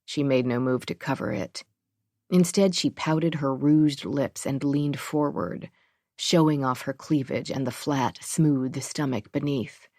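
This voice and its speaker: Low woman reading a thriller audiobook, dry close sound, measured. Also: dark tone, no echo. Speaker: audiobook narrator. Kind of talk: audiobook narration.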